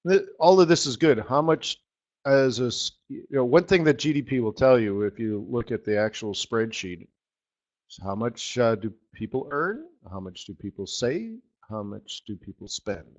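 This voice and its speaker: A man's voice: mid-range voice, expressive, normal speed, muffled recording. A man hosting a live trading webinar, talking in a sarcastic, joking, rambling way. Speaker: forex market strategist hosting a live webinar.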